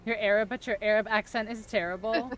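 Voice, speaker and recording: A woman's voice: medium pitch, fairly even intonation, fast, a little hiss or hum. Playful woman streaming a game. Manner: playful, jokey, chatty. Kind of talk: casual gaming chat.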